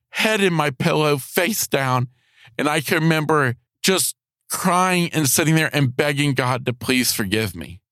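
A man's voice: on the high side, fairly bright tone, dry recording, studio quality. Heartfelt man sharing a faith story. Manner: heartfelt, halting, repeats words. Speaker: podcast host. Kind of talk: personal faith testimony.

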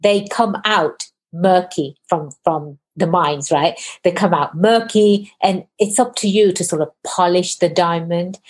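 A woman hosting a podcast, her voice sitting a little low. She talks fast and with a lot of enthusiasm, piling on praise in a loose, casual conversational style. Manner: fast-talking, enthusiastic, effusive. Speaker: podcast host. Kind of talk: casual interview chat.

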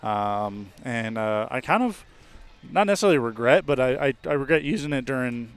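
A smooth-voiced pitcher chatting easily. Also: male voice, normal speed. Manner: relaxed, with many fillers and restarts, laughs easily. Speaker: guest, baseball pitcher. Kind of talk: casual interview talk.

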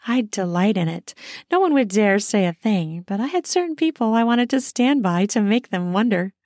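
A woman narrating a first-person erotic audio story in an intimate, soft, drawn-out manner. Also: mid-range voice, lively intonation, no room sound, studio quality.

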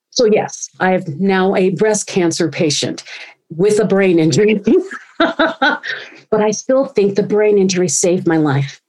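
A woman in her forties speaks as a podcast guest, her voice sitting a little low. She tells her story with animation, slipping into the voices of the people she quotes. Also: dark tone, slightly rough, rough recording. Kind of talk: storytelling interview.

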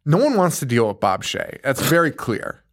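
A man's voice: medium pitch, very animated, normal speed. A young man co-hosting a casual horror film podcast, rambling and swearing, often laughing. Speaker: podcast co-host. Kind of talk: casual chat about horror films.

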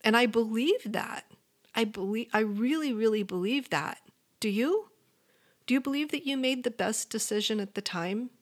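A woman hosting a motivational podcast, speaking earnestly and encouragingly straight to her listeners as a life coach, sometimes dropping to a soft whisper. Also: fairly high pitch, expressive, normal speed.

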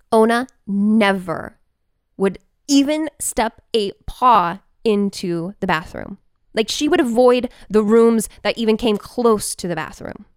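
A woman telling a personal story in an animated, expressive way, with quick bursts. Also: on the high side, clean tone, dry recording, clean studio sound.

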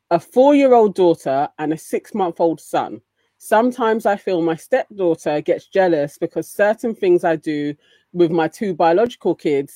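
Blunt woman co-host, dry close sound, mid pitch. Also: warm tone, dry recording. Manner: blunt, dismissive asides. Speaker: podcast co-host. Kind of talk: casual chat, reading a listener letter.

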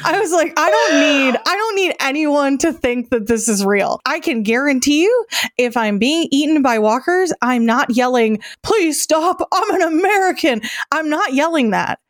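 A woman co-hosting a casual TV recap podcast, animated and laughing as she acts out her reactions. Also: high-pitched, moderate pace, no room sound, clean studio sound. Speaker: podcast co-host. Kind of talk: casual fan recap chat.

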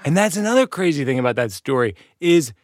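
A man's voice: fairly high pitch, sing-song, quick pace, no echo, clean studio sound. A man hosting a comedy podcast in casual chat, playful and riffing on jokes. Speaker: podcast host.

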